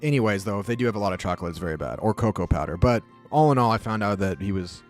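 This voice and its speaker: A man telling a casual story on his live stream, animated, profane and rambling. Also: on the low side, rapid-fire, soft background music.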